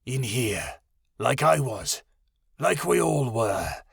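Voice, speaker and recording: A man voicing a wise white tiger guardian with a deep, rough, rumbling voice, calm and measured. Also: no room sound, clean studio sound, heavily acted.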